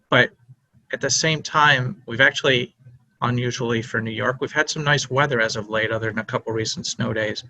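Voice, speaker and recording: A man's voice: medium pitch, pushed and bright, no echo, low-quality recording. A man moderating a webinar, speaking in a conversational, encouraging way. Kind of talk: casual chat.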